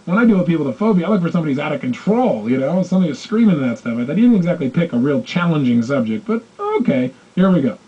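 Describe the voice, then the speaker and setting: Animated, fast-talking male motivational speaker. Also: on the high side, breathy edge. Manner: animated, acts out quoted voices. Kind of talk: motivational storytelling talk. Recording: dull lo-fi recording.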